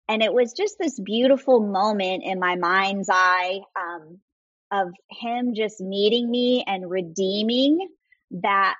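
Woman, author guest, earnest storytelling, animated quoted voices, dull lo-fi sound. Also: mid-range voice, dry recording. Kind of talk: faith-based interview storytelling.

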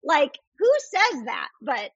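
A woman's voice: high voice, very animated, slow pace, fairly bright tone, no room sound, highs cut off. A woman author as a guest, telling a faith story earnestly and acting out quoted voices. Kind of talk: faith-based interview storytelling.

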